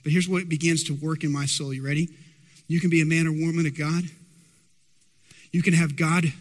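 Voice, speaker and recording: A man's voice: fairly high pitch, flat delivery, brisk. A man preaching a sermon as pastor, emphatic and asking the congregation rhetorical questions. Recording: long hall reverb.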